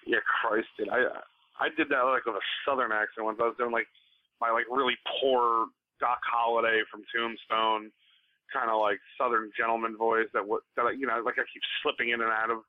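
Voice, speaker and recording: Podcast guest, a man of middle pitch, relaxed and talkative, heard through a thin phone-line sound. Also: dry recording. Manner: easygoing, chatty, quick to laugh along. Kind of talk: casual chat.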